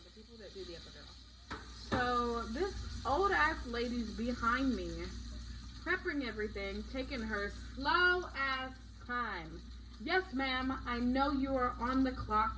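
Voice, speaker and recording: A young woman casually retelling a story in a vlog, blunt and animated, swearing often. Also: on the high side, noisy background. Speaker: vlogger.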